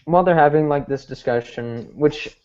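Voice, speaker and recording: A young man retells a movie plot in a loose, rambling way, full of fillers, jumping into quick impressions of the characters. The audio is muffled and lo-fi. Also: on the high side, darkish tone. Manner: rambling, filler-heavy retelling with mimicked quotes. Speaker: podcast host recapping a movie. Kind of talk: casual chat.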